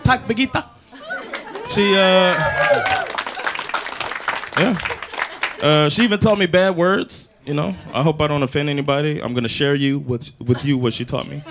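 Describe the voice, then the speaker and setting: A man doing a stand-up comedy set, telling animated stories and slipping in Swedish phrases and big impressions. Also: on the high side, moderate pace, pauses often, over a noisy crowd. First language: English. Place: comedy club stage before a live audience. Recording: live club recording with audience laughter and noise.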